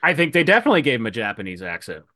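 A man talking casually on a podcast, his voice bright and forward. The sound is dry and close to the mic, with no room around it. He tells stories with animation and acts out the lines he quotes. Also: medium pitch, sing-song, rapid-fire, no echo. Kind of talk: casual chat.

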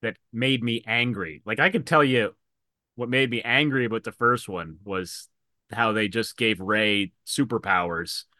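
A man's voice: lowish voice, unhurried, no room sound, studio quality. A man chatting casually about movies, acting out scenes and quoting characters as he talks. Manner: animated storyteller, acts out lines from scenes.

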